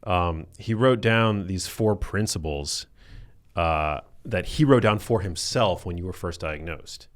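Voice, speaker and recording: Male podcast host, very low voice, relaxed, short reactions. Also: unhurried. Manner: relaxed, with brief reactions and casual questions. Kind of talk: interview conversation.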